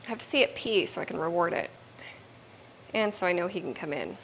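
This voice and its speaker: A woman's voice: lowish voice, animated, brisk, fairly bright tone, slight background noise, poor audio. A woman streamer chatting casually, swearing now and then and talking to her puppy. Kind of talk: casual live-stream chat.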